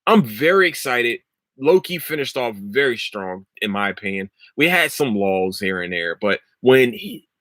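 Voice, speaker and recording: Young male podcast host, loose rambling delivery with frequent swearing; bright tone, dry sound. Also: mid-range voice, no echo. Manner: rambling, swears freely, breaks into loud laughter. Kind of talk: casual solo podcast chat about shows.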